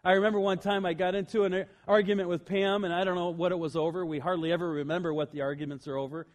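A man preaching a sermon as pastor, telling humorous personal stories and swinging from loud emphasis to quiet, earnest asides. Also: high voice, level tone, quick pace.

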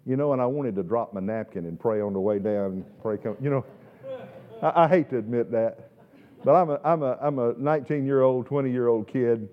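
A man preaching a sermon in a church sanctuary, emphatic, swinging between loud stressed words and quiet asides and repeating words as he restarts. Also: mid-range voice, moderate pace. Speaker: pastor. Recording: echoey hall, dull lo-fi sound.

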